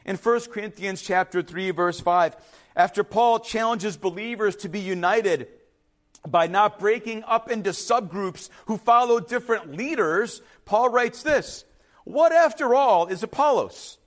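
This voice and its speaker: A man preaching a sermon as a pastor, telling a story in an animated way and repeating words for emphasis. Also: high voice, measured pace.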